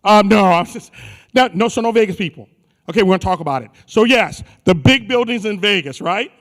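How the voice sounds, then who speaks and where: A man's voice: high-pitched, expressive, brisk, fairly bright tone. A man emceeing a conference on stage, teasing the crowd in a playful, slangy way. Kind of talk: joking crowd work on stage. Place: large conference hall. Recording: live hall with long reverb.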